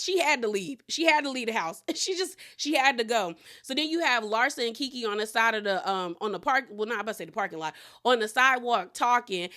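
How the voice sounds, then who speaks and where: A woman's voice: a little high, sharp tone. A woman casually recapping a reality show, gossiping and acting out what each cast member said. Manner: gossipy, retells scenes quoting people, laughs often.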